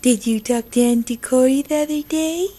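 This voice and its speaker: A woman's voice: high-pitched, normal speed, mellow, poor audio. A young mother filming her baby at home, coaxing him in sing-song baby talk. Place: home, indoors. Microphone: handheld camera.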